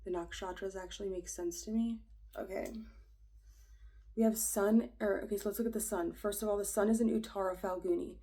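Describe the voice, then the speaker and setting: A woman's voice: mid-range voice, steady tone, fairly quick, dark tone, low-quality recording. A young woman reading an astrology chart aloud in a casual, rambling way, hesitant and full of fillers, often dropping to a whisper. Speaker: astrology reader.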